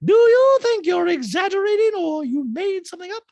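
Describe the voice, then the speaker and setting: A man doing a squeaky, prying man. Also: sing-song, normal speed, gravelly, darkish tone, dry recording, exaggerated voice.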